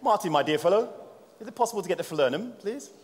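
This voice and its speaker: A prim, overly polite English gentleman, as a man puts him on for a laugh, pitched a little higher than usual and asking a favour in a mock-posh way. The voice carries a long hall reverb. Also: expressive, fast talker.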